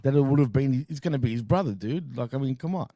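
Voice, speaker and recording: A man's voice: medium pitch, expressive, fast talker, mellow, a little hiss or hum. An Australian man co-hosting a wrestling review show in casual chat, laughing often and teasing his partner. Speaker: co-host.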